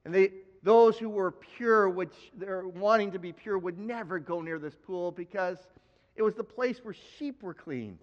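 High-voiced man preaching in a reverberant hall. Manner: animated, acts out Bible figures in quick asides. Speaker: pastor. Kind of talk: sermon. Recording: dull sound with long hall reverb.

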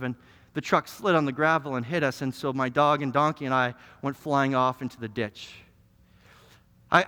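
A preacher acting out an old man who calmly recounts his story in court, talking plainly and steadily. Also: on the high side, smooth, voice pushed down. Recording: long hall reverb.

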